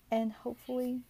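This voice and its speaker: Young woman podcasting from home, kinda gravelly voice, rambly and chatty, just getting over a cold. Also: on the high side, mellow, no room sound. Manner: chatty, rambling, self-aware. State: recovering from illness. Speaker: podcast co-host. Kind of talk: casual podcast chat. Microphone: home computer mic, remote recording.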